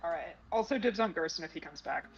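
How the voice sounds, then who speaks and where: A woman's voice: on the low side, animated, quick pace, highs cut off, soft background music. Woman guest making dry short quips. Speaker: guest co-player. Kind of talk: casual chat.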